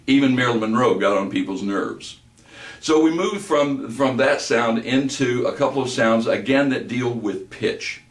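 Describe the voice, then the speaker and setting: Male voice coach, deep bass, steady lecturing tone; distant mic in a reverberant room. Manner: explanatory, measured teaching delivery. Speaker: voice instructor. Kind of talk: recorded lecture with vocal demonstrations.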